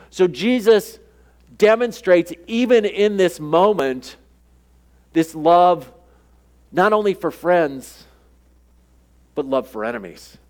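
Male pastor, fairly high voice, conversational sermon that slips into acted-out dialogue. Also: animated, takes it slowly, long pauses, a little mellow. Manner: conversational preaching, acts out quoted dialogue.

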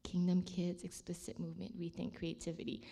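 A woman's voice: fairly low pitch, monotone, brisk, gravelly, warm tone, breathy edge. A woman sharing a personal faith testimony with emotion, sometimes dropping to a near-whisper at dramatic moments. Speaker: ministry leader sharing a testimony.

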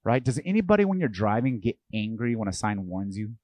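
A man's voice: lowish voice, sing-song, fairly quick, hardly any pauses, darkish tone, no echo. A man preaching a sermon as pastor. He asks his listeners questions and acts out the voices of the people he quotes.

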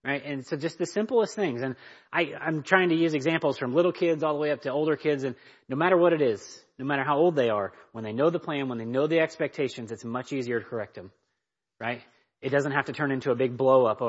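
A man's voice: mid-range voice, a little fast, husky. A man teaching a church parenting class, speaking emphatically and often checking in with his listeners. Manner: emphatic, checks in with "right?" and "okay?". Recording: dull lo-fi recording.

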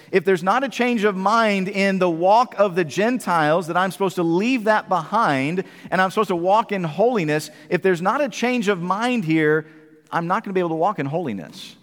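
Pastor guy preaching sunday morning, pretty high voice, big reverb from the hall. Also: expressive, normal speed, a bit bright. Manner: emphatic preaching, asks the congregation questions. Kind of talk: sermon.

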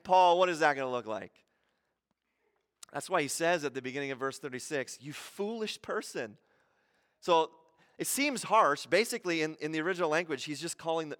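A man's voice: on the high side, pushed and bright, big-room sound. A man preaching a sermon in a church in a conversational, playful way, full of rhetorical questions. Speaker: pastor. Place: church hall.

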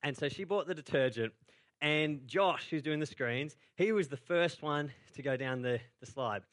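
A man's voice: a little high, moderate pace, fairly bright tone. A young man preaching a sermon in a church, telling a story in a casual, chatty way full of filler words. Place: church auditorium.

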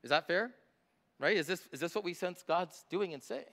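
Bright-voiced man preaching a sermon. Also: sits high, moderate pace. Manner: emphatic when quoting scripture, quieter and conversational in stories. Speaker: pastor.

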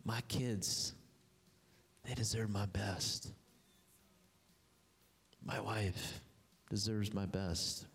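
Impassioned preacher in an echoing hall. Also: male voice, fairly even intonation, extremely slow, creaky, long pauses. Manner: impassioned, swings from high emphatic lines to low quiet ones. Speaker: pastor. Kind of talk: sermon. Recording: long hall reverb.

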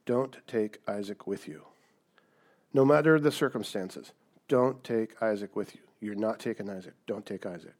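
Man playing old patriarch, low and hushed, firm and insistent. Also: moderate pace, lightly acted. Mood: stern. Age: older. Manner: insistent, repeating orders.

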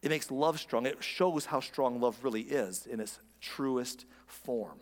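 A man's voice: mid-range voice, measured pace, in a large hall. A man preaching a sermon as a pastor, in an earnest, conversational way with frequent restarts.

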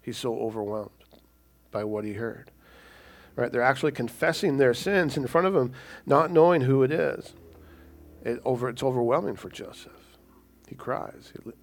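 A male pastor preaching a sermon in a conversational way, often checking in with the listeners. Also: mid-range voice. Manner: conversational, keeps asking "right?".

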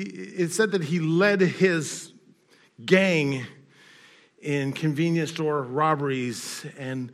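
Male pastor, slightly high voice, preaches through a story, swings loud to soft. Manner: storytelling, rising loud and high in quoted scenes, dropping quiet in reflection. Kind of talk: sermon.

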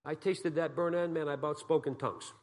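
A man's voice: a little high, fairly even intonation, brisk. Male guest pastor, from Massachusetts, sermon, folksy, joking, quizzes the congregation. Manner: folksy and joking, with homespun stories; asks the congregation questions.

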